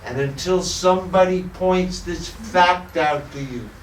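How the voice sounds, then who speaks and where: A man who teaches spirituality tells a parable in a playful, humorous way, speaking very slowly in a slightly high voice. The recording is roomy and echoey, with the mic set well back from him. A faint background hiss runs underneath. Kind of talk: storytelling talk to a small audience. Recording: roomy echo, distant mic.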